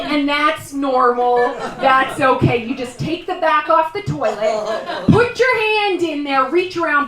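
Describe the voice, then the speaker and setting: A woman from Canada performing a live stand-up comedy set, chatty and rambling, with quick asides and mock complaints. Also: sits high, a bit bright. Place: live show at a small guesthouse venue. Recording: roomy distant live room sound.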